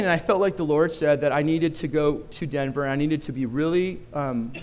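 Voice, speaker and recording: Male pastor, animated storyteller, slightly high voice, long hall reverb. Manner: animated storytelling with asides to the room. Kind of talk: sermon.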